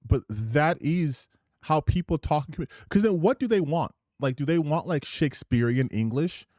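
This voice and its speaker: A man's voice: a little high, normal speed, no echo, studio quality. A man hosting a live stream, reacting to clips in rambling commentary full of restarts. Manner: animated and rambling, with many restarts. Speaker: streamer host.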